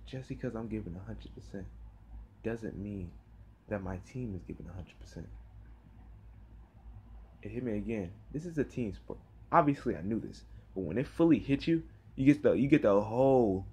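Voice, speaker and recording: A teenage boy talking casually to camera in a tired, rambling way, with sighs and halting fillers. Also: fairly low pitch, animated, darkish tone, a little hiss or hum. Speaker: vlogger. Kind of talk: casual talk to camera about football practice.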